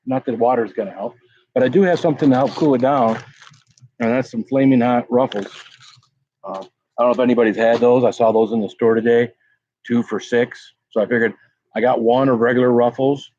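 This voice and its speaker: Husky-voiced man chatting on a livestream. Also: medium pitch, fairly even intonation, brisk, darkish tone, no room sound. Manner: rambling, greets chat viewers by name. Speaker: pepper-tasting livestream host. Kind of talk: casual live-stream chat. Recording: dull lo-fi sound.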